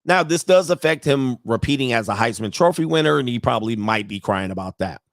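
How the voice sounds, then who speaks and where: Man, sports commentary host, casual and animated, swoops up in pitch, dry close sound. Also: a little fast, no room sound. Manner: animated, laughs often, with sudden high-pitched outbursts.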